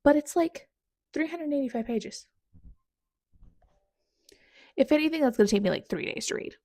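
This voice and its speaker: A woman book vlogger reacting out loud as she reads, dramatic and exclaiming at the author, sometimes dropping to a whisper. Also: high voice, expressive, fast, dry recording. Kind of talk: casual live reading reactions.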